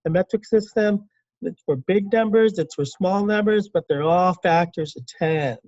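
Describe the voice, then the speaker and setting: A man teaching a classroom lecture in a conversational way, asking the class questions and acting out quick quotes. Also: sits high, darkish tone, dry recording, lo-fi sound. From California.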